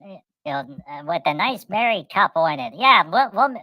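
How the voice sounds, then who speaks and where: A woman's voice: medium pitch, expressive, normal speed, bright, forceful tone, dry recording. A woman voicing a mischievous roadside deer that plots its next prank. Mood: scheming. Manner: plotting, playful.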